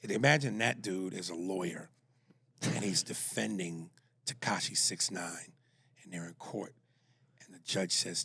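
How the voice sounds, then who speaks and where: A man's voice: fairly low pitch, measured pace, vocal fry, breathy edge, dry recording. A man co-hosting a podcast, joking and reading listener emails. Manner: animated, reads emails aloud, jokes in voices. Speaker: podcast co-host. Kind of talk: casual podcast banter.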